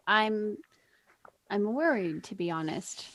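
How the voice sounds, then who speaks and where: A woman's voice: mid-range voice, measured pace, no room sound. Woman, tabletop player, earnest in-character speech, dry sound. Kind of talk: in-character tabletop role-play.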